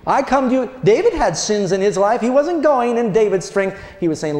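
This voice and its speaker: Animated preacher man in an echoey hall. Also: high voice, a little fast, few pauses. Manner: animated storytelling, acts out voices, asks the congregation. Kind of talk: sermon.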